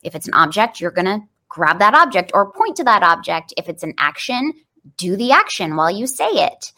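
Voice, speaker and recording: A woman's voice: mid-range voice, a little fast. A woman on a podcast explaining plainly and energetically how to teach toddlers new words. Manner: lively, explanatory, demonstrative.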